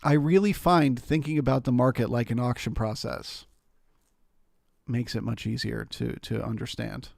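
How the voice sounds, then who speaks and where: Male stream host, mid pitch, casual chart explainer, dry booth sound. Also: steady tone, moderate pace, vocal fry, darkish tone, dry recording. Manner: explanatory, talks through charts with restarts. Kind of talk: live market commentary.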